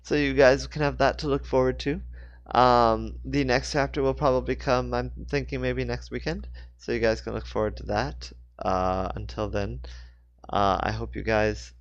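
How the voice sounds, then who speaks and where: A man's voice: medium pitch, steady tone, normal speed, dry recording. A man, an author, reading his own book aloud in a casual way and sometimes correcting himself. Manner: casual, self-correcting reader. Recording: dry, dull lo-fi.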